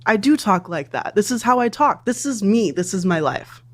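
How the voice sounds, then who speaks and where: A woman's voice: mid-range voice, animated, normal speed. A woman guest in a money interview, talking in a playful, unbothered way. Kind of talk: casual chat.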